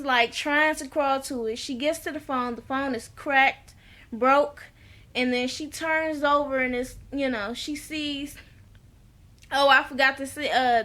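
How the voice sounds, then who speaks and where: A woman with a high, bright voice, chatting casually to her viewers as she recaps a TV episode. She tells it as a lively story and speaks right to her audience. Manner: animated storytelling, talks straight to viewers. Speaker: TV episode reviewer.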